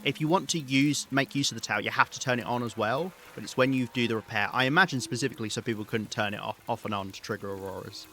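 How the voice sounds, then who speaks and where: A man giving live gameplay commentary, rambling and thinking aloud with hesitant pauses. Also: mid-range voice, a bit bright, a little hiss or hum. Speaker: game streamer.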